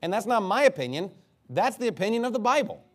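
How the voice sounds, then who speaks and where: A man preaches an expository sermon in a high-pitched voice at a quick pace. Animated and mocking, he reads scripture aloud and breaks into impressions.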